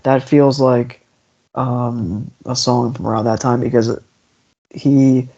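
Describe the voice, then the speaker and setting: A man's voice: mid-range voice, little pitch movement, slow, mellow. A man hosting a podcast, talking through an album in a casual, rambling way with lots of restarts. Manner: rambling, restarts often, enthusiastic. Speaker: podcast host. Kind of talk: casual music discussion. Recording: dull lo-fi podcast audio.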